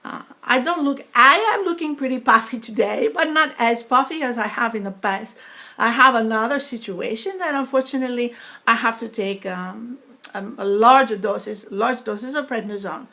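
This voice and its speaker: Halting bright-voiced woman with a foreign-sounding accent. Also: fairly high pitch, gravelly. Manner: halting, with many pauses and fillers. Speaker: vlogger. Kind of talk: personal vlog talk.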